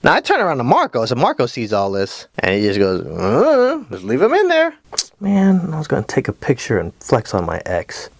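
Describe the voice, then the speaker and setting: A man telling funny personal stories in an animated storytelling video, jokey and full of voice switches. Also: medium pitch, brisk, hardly any pauses, no echo. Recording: voice-over with music bed.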